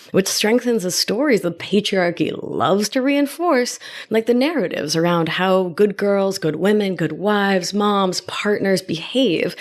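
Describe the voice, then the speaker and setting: A woman from Argentina whose first language is Spanish, hosting a reflective wellness podcast in a gentle, unhurried way and sometimes dropping to a whisper for emphasis. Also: fairly low pitch. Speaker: podcast host and life coach.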